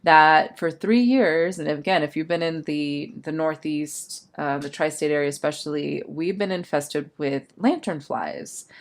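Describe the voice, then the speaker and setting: A woman talking as a change management coach in a candid, self-reflective personal vlog, thinking aloud. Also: deep voice.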